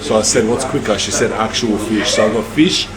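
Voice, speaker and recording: A man's voice: on the low side, fairly quick, over a noisy crowd. A man vlogging casually outdoors in a cold town, chatting in slang and calling people bro. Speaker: YouTuber and rapper. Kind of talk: casual travel vlog talk. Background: street and traffic sounds.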